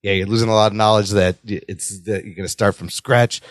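A man hosting a podcast, talking in an excitable, casual way and swearing now and then. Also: lowish voice, quick pace, dry recording, clean studio sound. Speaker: podcast host.

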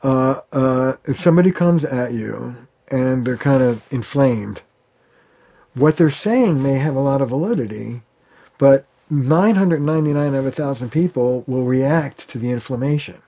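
A man's voice: medium pitch, moderate pace. A man, a family therapist, talking in an interview and acting out the arguments he quotes. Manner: animated, acts out quoted arguments. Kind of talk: conversational interview.

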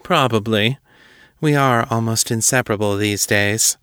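A man voicing a droll, coolly hostile noblewoman who sounds amused with a sharp edge underneath, in a narrated story. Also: fairly low pitch, measured pace, smooth, no echo, studio quality.

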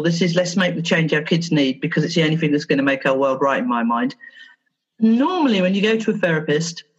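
A woman therapist being interviewed on a podcast, telling stories with lively, animated delivery and acting out her exchanges with children. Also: lowish voice, husky, dull audio. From England. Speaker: therapist guest.

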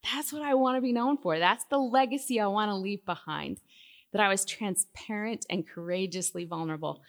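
A middle-aged woman delivering a sermon-style talk in a large hall, her voice carrying a long reverb tail. She tells stories with lively swings, rising into loud, emphatic peaks and then dropping to hushed, quiet lines. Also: mid-range voice, moderate pace. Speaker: Christian speaker. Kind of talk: sermon talk to a live audience.

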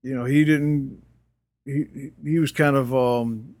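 A man's voice: mid-range voice, steady tone, measured pace, darkish tone. An older man telling anecdotes in an interview, rambling with many fillers and restarts and laughing often. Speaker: interview guest. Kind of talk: casual storytelling.

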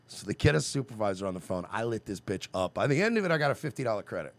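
A man telling a story on a casual podcast, and his pitch swings widely as he rants and swears. He acts out the people in his story as he goes. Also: sing-song, rapid-fire. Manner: profane, ranting, acts out voices in his stories. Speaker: podcast co-host. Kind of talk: casual chat, animated storytelling.

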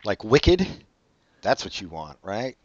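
A man co-hosting a podcast, dropping wry, quick interjections. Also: fairly low pitch, sing-song, no room sound. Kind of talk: casual chat. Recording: dry, slightly dull podcast audio.

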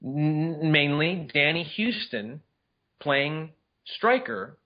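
A man co-hosting a casual movie chat, talking in excited, incredulous bursts with many restarts. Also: fairly high pitch, extremely slow, dull audio. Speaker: podcast co-host.

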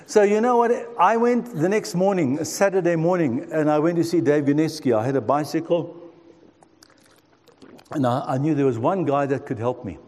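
A man in his sixties gives a heartfelt sermon, recounting his own story and turning to his listeners. His voice sits a bit high but sounds mellow and warm, with a long reverb trailing off each phrase as in a large hall. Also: animated, normal speed. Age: 60s. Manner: earnest storytelling, addresses the listeners. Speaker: preacher. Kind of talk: sermon testimony.

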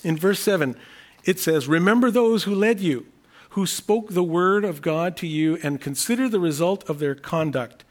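A man preaching a sermon in an earnest, unscripted way, often restarting phrases and repeating key words slowly for emphasis. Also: high-pitched. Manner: earnest, thinking aloud with frequent restarts. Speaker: pastor.

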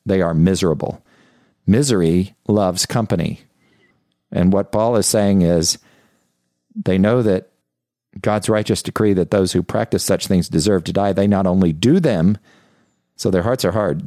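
A man's voice: low-pitched, mellow, dry recording, clean studio sound. A middle-aged male pastor preaching a sermon in an earnest, confessional way, often repeating and restarting phrases.

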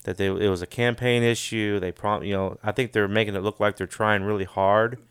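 A middle-aged man co-hosting a casual chat, relaxed and chuckling often, trailing off into mumbles. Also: fairly low pitch, brisk, smooth, dry recording, clean studio sound.

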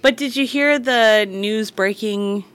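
A woman's voice: fairly high pitch, takes it slowly, fairly bright tone. A woman hosting a podcast, chatting casually, laughing often and passing on gossip.

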